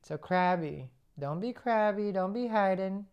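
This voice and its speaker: A woman's voice: medium pitch, animated, unhurried, clean tone, highs cut off. A woman giving a tarot reading in a chatty way, humming as she thinks and asking rhetorical questions. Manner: conversational, rhetorical questions, musing hums. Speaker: tarot reader.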